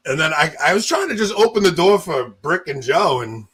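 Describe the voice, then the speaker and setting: Man, casual storytelling chat, husky, lively rising and falling pitch, jokey. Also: a little fast, poor audio. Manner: joking, animated, acts out others' lines. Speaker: podcast co-host.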